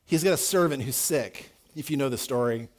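A man preaching a sermon, lively, acting out the people in his stories with big swings in loudness. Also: fairly quick. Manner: animated, acts out quoted voices with big swings in pitch and volume. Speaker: pastor.

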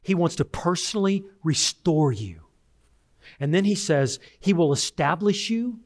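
A preaching man, swinging loud to hushed. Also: high-pitched, lively intonation, unhurried. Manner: conversational, tells personal stories. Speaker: pastor. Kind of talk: sermon.

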